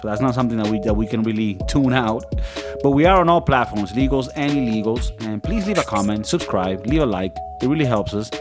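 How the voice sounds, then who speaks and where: A man's voice: medium pitch, expressive, a little fast, over music. A man with a Spanish-influenced accent co-hosting a podcast, crude and joking, laughing often. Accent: Spanish-influenced English. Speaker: podcast co-host. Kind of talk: casual comedic podcast chat.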